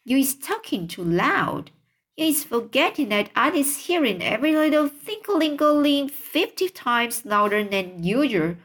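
Woman reading as a big gentle old giant. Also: high-pitched, big pitch swings, voice pushed up, exaggerated voice. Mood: pleading. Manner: slow storybook reading of a giant's lines. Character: huge kindly old male giant, gentle, mangled grammar. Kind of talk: reading a children's book aloud.

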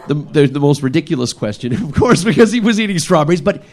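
A man's voice: a little high, fast, hardly any pauses. A man in his thirties telling a funny personal story live, laughing often and acting out his family. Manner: animated, laughing, acts out family members.

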